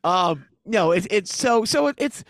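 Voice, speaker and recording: A middle-aged man with a high, light voice tells a long story in casual conversation. He laughs often and slips into lively quoted voices. The sound is close and dry. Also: a little slow, no echo. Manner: animated, laughing, acts out quotes. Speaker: comedian.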